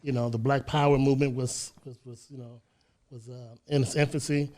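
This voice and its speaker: 60s guy w a chicago accent, mid-pitched voice, slow storytelling, keeps repeating words as he goes. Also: level tone, darkish tone. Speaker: guest. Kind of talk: casual interview. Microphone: studio microphone.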